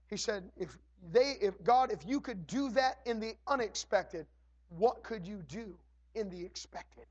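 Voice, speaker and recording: A pastor in church, preaching and then leading a prayer that repeats "Lord" and "God" between phrases and builds to shouting. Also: male voice, high-pitched, unhurried. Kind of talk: sermon and prayer.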